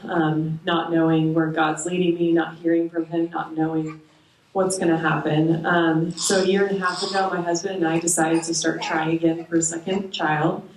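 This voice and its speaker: A young woman sharing a personal faith testimony with a small moms' group, hesitant, with frequent ums and soft laughs. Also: deep voice, slight background noise. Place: church meeting room. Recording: echoey room, voice from far off.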